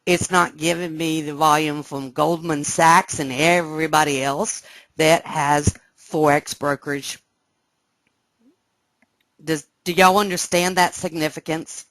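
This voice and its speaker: Excited woman teaching live trading. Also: low voice, measured pace, dry recording. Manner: explanatory, keeps checking listeners follow; excited, animated. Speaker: trading instructor. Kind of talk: live trading room lesson.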